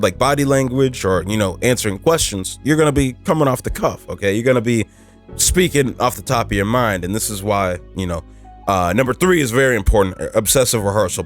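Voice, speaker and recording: A man's voice: on the low side, fast, soft background music. A man hosting a motivational podcast, talking casually and emphatically with lots of fillers, pushing his voice up to stress points. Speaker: podcast host.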